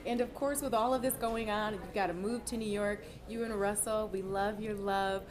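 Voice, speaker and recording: An enthusiastic woman interviewer asks questions and cheers her guest on. Her voice sits in a middle register, and a crowd is clearly heard behind her. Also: medium pitch, fairly even intonation, normal speed. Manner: enthusiastic, affirming, frequent laughter. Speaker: entertainment interviewer.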